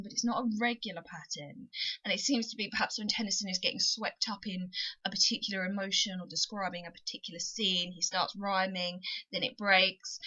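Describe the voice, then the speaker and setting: A woman's voice: mid-range voice, pushed and bright, highs cut off. A woman tutor giving a recorded poetry lesson, explaining with emphatic, repeated phrases. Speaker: English tutor.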